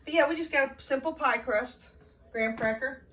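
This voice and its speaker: A woman's voice: high-pitched, moderate pace, fairly bright tone, far from the mic, slight background noise. A middle-aged woman giving a casual home cooking demonstration in her kitchen, chatty and folksy, laughing often.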